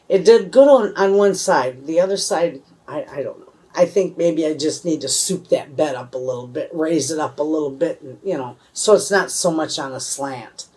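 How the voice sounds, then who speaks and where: A homesteading vlogger in her fifties from the USA chats casually to the camera about her homestead with a Michigan accent. She rambles in a folksy, homespun way. Her voice is low-pitched, husky and a little mellow.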